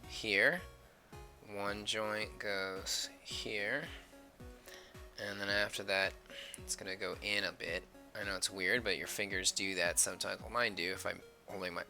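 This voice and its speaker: A fairly low-voiced man with a gravelly, creaky edge and a bright, forceful tone, chatting casually from home as he sketches on a live stream. He drifts between friendly talk and quiet muttering or whispering to himself while he works. Soft music plays faintly behind him. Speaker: artist live-streaming his drawing.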